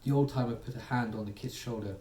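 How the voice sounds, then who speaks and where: A man narrating a soothing bedtime story, gently voicing its characters. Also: mid-range voice, fairly even intonation, fast talker, a little hiss or hum. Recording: echoey room, distant mic, faint ambience.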